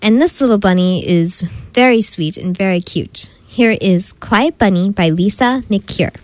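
A woman reading a children's picture book aloud in a gentle, expressive way, playfully imitating the animal sounds. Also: mid-range voice, a little slow, no echo, poor audio. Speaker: storybook reader.

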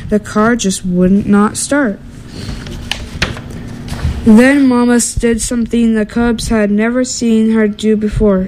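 A woman reading a children's storybook aloud in a steady, gentle way, with small slips and restarts. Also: on the high side, slight background noise, low-quality recording.

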